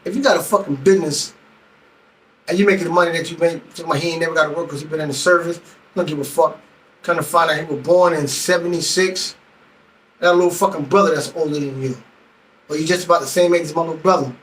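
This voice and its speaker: Heated high-voiced middle-aged man venting. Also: steady tone, quick pace, fairly bright tone, recorded from a distance, poor audio. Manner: heated, profane storytelling, acts out both sides of the argument. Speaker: vlogger. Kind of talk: venting monologue.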